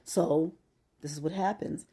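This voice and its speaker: A woman's voice: deep voice, measured pace, warm tone, slightly rough. A middle-aged woman vlogger venting in a casual, emphatic monologue and telling her story with exasperation.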